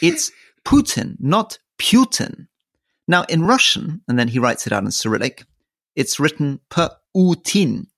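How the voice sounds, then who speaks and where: A man hosting a political talk podcast, his voice gravelly and a little husky, recorded dry and close. He speaks with lively ups and downs, playful and halting, repeating words as he builds his point. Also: mid-range voice, no room sound. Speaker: podcast co-host. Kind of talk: casual political chat.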